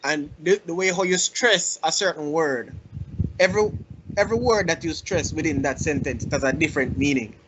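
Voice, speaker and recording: Podcast co-host, man, slightly high voice, rambling with restarts; dull audio, faint hiss. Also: a little fast. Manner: rambling, restarts a lot, laughs easily. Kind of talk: casual podcast chat.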